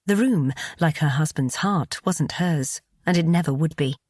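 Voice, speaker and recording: A woman narrating an audiobook in a measured, even storytelling delivery, recorded close on a studio mic. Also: sits low, no room sound.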